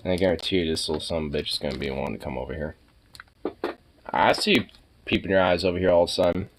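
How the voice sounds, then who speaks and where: A man's voice: deep voice, rapid-fire, gravelly, background noise. A young man chatting casually as he reacts to pet pictures, swearing, exclaiming and laughing often.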